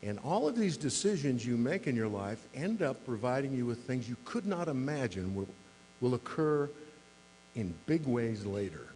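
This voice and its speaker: A man's voice: medium pitch, very animated, normal speed, a little mellow. A man in his sixties who is a mayor, giving a humorous speech to a club with dry, self-deprecating storytelling on a podium microphone. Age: 60s. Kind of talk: humorous after-dinner speech. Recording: long hall reverb, faint mains hum.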